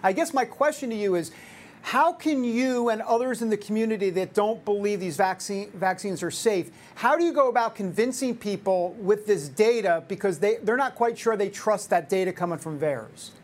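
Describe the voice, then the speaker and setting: A man hosting a political talk show, animated and jokey, with quick asides. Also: sits high.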